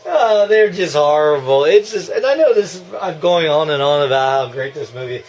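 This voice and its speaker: A man giving casual, excitable movie reaction commentary, gushing and breaking into laughs and yells. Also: a little high, moderate pace.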